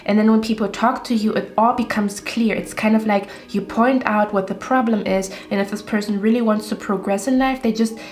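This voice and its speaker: A woman's voice: mid-range voice, steady tone, brisk, few pauses, a little mellow. A woman giving a casual tarot reading straight to her viewers, rambling and reassuring as she talks. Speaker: tarot reader.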